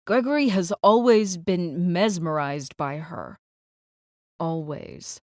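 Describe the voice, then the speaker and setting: A woman narrating a first-person audiobook in a measured, tense, clipped way. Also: fairly low pitch, animated, dry recording, clean studio sound. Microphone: close studio mic.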